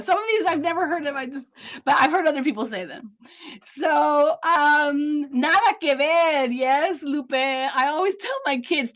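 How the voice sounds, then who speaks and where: High-voiced woman presenting over a video call. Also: highs cut off. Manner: warm, laughing often, mixing in Spanish sayings. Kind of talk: online talk with a poem reading.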